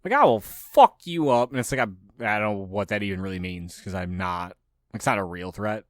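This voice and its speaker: Male podcast host, low-pitched, dry close sound, rants and swears freely. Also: fairly even intonation, fairly quick, a bit bright, no room sound. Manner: profane, ranting, mocks others in raised voices. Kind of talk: casual opinionated monologue.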